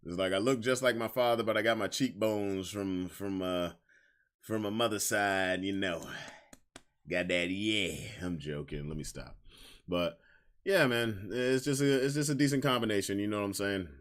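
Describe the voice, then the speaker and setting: A man's voice: fairly low pitch, a little slow, fairly bright tone. A young man hosting a casual podcast stream, talking candidly in slang and repeating lines for emphasis. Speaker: podcast host. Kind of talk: casual livestream chat.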